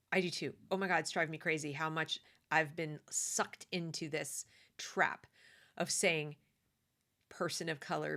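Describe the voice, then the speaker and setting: A lower-pitched American woman with a gravelly edge to her voice, talking straight to her viewers. She speaks casually and with firm opinions, stumbling into fillers and restarts as she goes. She sounds like someone thinking out loud at home. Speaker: commentary host.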